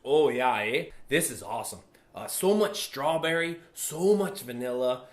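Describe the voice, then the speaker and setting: A man tasting a stout on camera, gushing and repeating himself with excitement. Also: mid-range voice, a little slow, roomy sound. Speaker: beer reviewer. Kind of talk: enthusiastic solo tasting.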